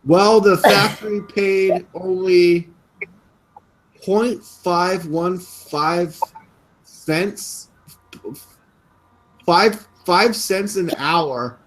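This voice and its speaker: Animated, incredulous male co-host. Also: sits high, drawn-out words, long pauses, a little hiss or hum, rough recording. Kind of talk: live political web show chat.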